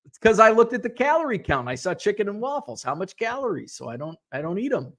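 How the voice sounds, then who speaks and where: A man's voice: high voice, quick pace. A middle-aged man hosting a casual live stream, reading viewer comments aloud and chatting back. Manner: chatty, animated, reads comments aloud and reacts. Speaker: host.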